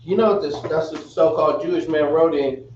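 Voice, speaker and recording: A man teaching a language lesson, spelling words out slowly with casual slang asides. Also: on the high side, steady tone, darkish tone, slight background noise. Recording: roomy, dull, from a distance.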